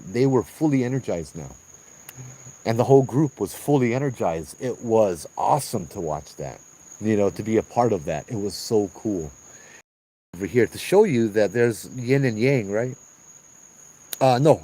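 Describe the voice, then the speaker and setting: A man's voice: mid-range voice, expressive, moderate pace, dark tone, poor audio. A man guiding a night ghost tour on an outdoor trail, telling stories animatedly and acting out what people said, with frequent restarts. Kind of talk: storytelling on a walking ghost tour.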